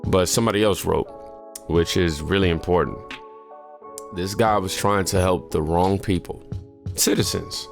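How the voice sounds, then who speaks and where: A man's voice: low voice, fairly even intonation, normal speed, vocal fry, long pauses, faint music behind. A man hosting a news reaction channel, giving blunt, opinionated commentary.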